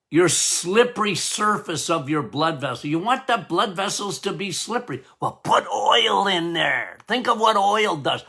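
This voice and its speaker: A man's voice: sits high, pushed and bright. Emphatic doctor hammering his points home. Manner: jokey, laughs at his own lines. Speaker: doctor and podcast host. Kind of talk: health podcast talk.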